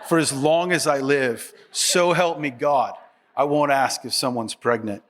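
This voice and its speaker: A man's voice: mid-range voice, a little slow, a bit bright, natural voice. A man preaching a sermon voices a sheepish male disciple who vows to do better, in an earnest, self-scolding tone. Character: sheepish male disciple rehearsing a humble apology.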